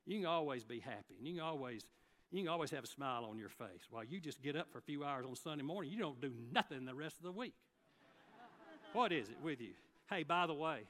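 A man's voice: on the high side, fairly bright tone, in a large hall. A man preaching a sermon, telling folksy stories and acting out the people he quotes. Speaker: guest preacher. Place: church sanctuary.

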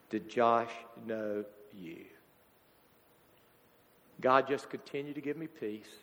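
A man, preaching a sermon as a pastor, halting and emotional as a grieving father. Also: medium pitch, bright, forceful tone. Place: church sanctuary. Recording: church hall reverb.

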